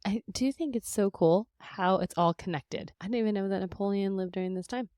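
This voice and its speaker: A woman co-hosting a casual podcast, asking curious, teasing questions in a quick, chatty way. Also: mid-range voice, warm tone, dry recording, studio quality. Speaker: podcast co-host.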